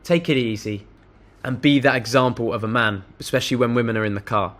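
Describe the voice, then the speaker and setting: A young man speaks straight to camera in a blunt, conversational way, dropping casual swear words as he tells his story. His voice sits at an ordinary middle pitch, and he talks with plain, no-nonsense confidence. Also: fairly quick, a bit bright. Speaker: self-improvement vlogger. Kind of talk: direct-to-camera advice monologue.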